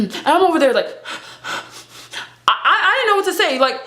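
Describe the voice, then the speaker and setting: A young woman's high, bright voice carries a casual storytime vlog, animated and dramatic. She acts out her own reactions in the retelling. Her voice rings in an echoey room. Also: quick pace. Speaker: vlogger.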